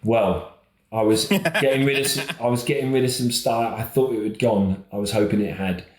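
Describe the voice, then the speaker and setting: Bloke on a podcast rambling through a funny story, laughing at himself, kinda echoey room. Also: male voice, medium pitch, normal speed, a crowd in the background. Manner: rambling, animated, self-mocking, laughs often. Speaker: podcast guest, children's TV presenter. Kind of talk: casual storytelling chat. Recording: roomy echo.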